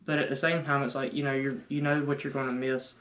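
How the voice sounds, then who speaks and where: Young Southern man, country accent, earnest rambling, flat delivery. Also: mid-range voice, fast talker, rough recording. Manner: rambling, heavy fillers, earnest. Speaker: fiancé, guest. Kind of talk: casual chat.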